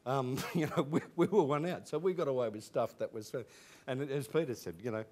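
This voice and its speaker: A man's voice: medium pitch, expressive, fast, a little mellow. An Australian man in his fifties, animatedly recalling school days with laughter and frequent restarts. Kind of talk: casual anecdotal storytelling.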